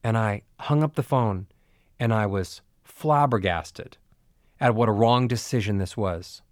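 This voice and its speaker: A man's voice: fairly low pitch, measured pace, dry recording, clean studio sound. A man teaching voice technique in an audio lesson, telling a story in an earnest, motivational way. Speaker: voice coach.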